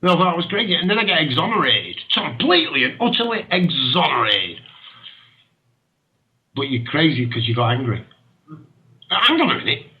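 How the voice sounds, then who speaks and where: A man's voice: on the high side, very animated, moderate pace, pauses often, pushed and bright, rough recording. A man hosting an internet radio show, talking with passion, ranting and laughing often. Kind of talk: impassioned talk radio monologue.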